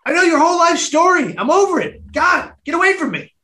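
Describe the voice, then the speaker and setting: A loud, exasperated young male patient brushes off someone who talks too much, as a man puts on his voice. The voice is pitched high and carries across a roomy space. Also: animated, brisk, full character voice. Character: irritable young male psych ward patient.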